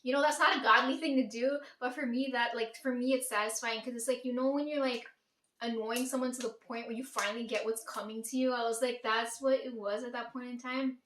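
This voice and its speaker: A woman's voice: a little high, fairly even intonation, a little fast, fairly bright tone, far from the mic, slight background noise. A woman telling a family story to her viewers in a blunt, profane, emphatic way, often asking "right?". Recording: echoey room.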